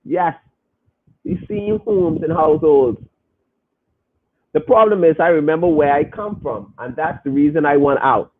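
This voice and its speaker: A man's voice: on the high side, a little slow, long pauses. A young man hosting a podcast, talking casually and earnestly to his listeners in an informal, emphatic way. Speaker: podcast host. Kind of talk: casual live podcast talk. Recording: narrow phone-like sound.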